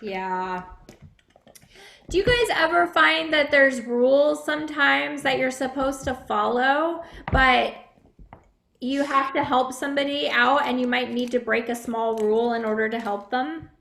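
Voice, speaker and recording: Woman pastor, high voice, friendly, questions kids; children's message in an echoey room. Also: steady tone, moderate pace, creaky, fairly bright tone, a little hiss or hum.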